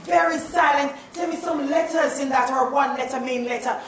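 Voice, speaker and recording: A woman teacher, leading a playful, animated spelling lesson in a classroom. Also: sits high, normal speed, a little hiss or hum. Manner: animated and playful, calls out questions. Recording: echoey classroom, mic at a distance.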